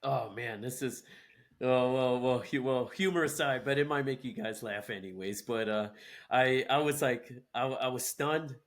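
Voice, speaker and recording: A man's voice: medium pitch, moderate pace. Hesitant young man telling his story. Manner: hesitant, many restarts and fillers. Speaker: guest. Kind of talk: casual chat.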